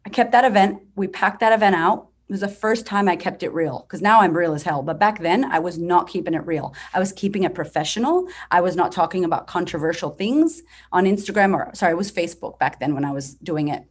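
A woman in her thirties with a slightly low voice tells her story as a podcast guest. She talks bluntly and with plenty of energy, and she swears freely. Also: fairly quick, few pauses, slightly rough. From United States. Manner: blunt, profane, energetic and animated. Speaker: business coach guest.

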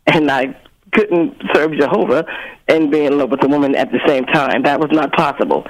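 A man calling in to a talk show, warm but hesitant, repeating words as he starts sentences. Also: on the high side, moderate pace, rough recording. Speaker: caller.

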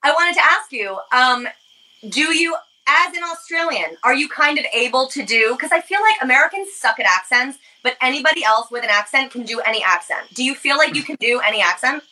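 A woman's voice: high voice, lively intonation, a little fast, bright, forceful tone, poor audio. A woman hosting a podcast, chatting with her guest and gushing enthusiastically. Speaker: podcast host. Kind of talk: casual chat.

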